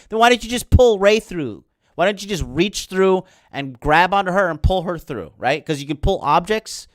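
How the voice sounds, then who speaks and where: A man's voice: high-pitched, expressive, normal speed, dry recording, clean studio sound. A man hosting a podcast, ranting about a film in a heated, sarcastic way full of swearing. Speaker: podcast host.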